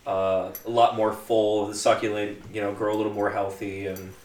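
A man playing a tabletop game, relaxed and hesitant as he describes his actions. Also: lowish voice, normal speed, distant mic. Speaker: player. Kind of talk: casual tabletop play. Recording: echoey, off-mic.

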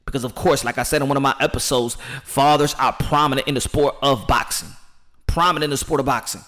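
A man hosting a boxing channel, talking excitably and loudly with lots of slang and repetition before an interview. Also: medium pitch, quick pace. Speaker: boxing show host. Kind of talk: hyped-up channel talk and interview.

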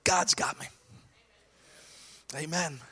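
High-voiced male pastor, bright raspy tone, shouts his sermon with jokey asides. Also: steady tone, slow.

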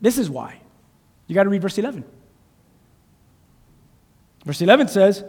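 A man preaching a sermon to a congregation, asking them questions and waiting for answers, building from quiet teaching to shouted emphasis. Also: extremely high pitch, expressive, normal speed, long pauses, in a large hall. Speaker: pastor. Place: church sanctuary.

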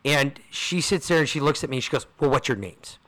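Bright-voiced man telling a heated story. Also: mid-range voice, a little fast. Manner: profane, fired-up storyteller acting out quoted people. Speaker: podcast co-host. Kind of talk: casual storytelling chat.

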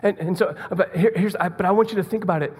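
A man's voice: high-pitched, fast, darkish tone, breathy edge, long reverb tail. A man preaching a sermon in a conversational way, repeating words and asking the listeners rhetorical questions. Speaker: pastor.

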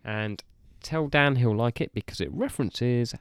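A man hosting a podcast, easygoing and a little halting as he reads out picks and signs off. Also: medium pitch, clean tone, no room sound, studio quality. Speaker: podcast host. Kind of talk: casual chat.

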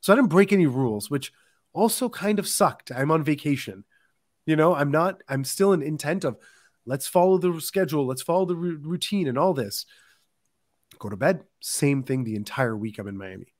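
A man's voice: on the high side, normal speed, dry recording, studio quality. A man telling his own insomnia story as a podcast guest, speaking candidly, addressing the host by name and acting out what others said. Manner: animated, addresses the host by name, acts out quoted lines.

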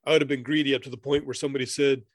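A man's voice: medium pitch, level tone, rapid-fire, no echo. A man co-hosting a podcast in casual chat, rambling through his notes and laughing often. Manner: rambling, reads passages aloud, laughs often. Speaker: podcast co-host.

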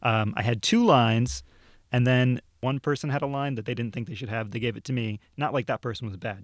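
A relaxed young man tells stories on a podcast, his voice mid-pitched and unhurried, dotted with "uh"s and small laughs. The sound is close and dry, with no room around it. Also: no room sound. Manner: laid-back storytelling with frequent fillers and laughs. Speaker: video producer. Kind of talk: casual podcast chat. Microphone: studio microphone.

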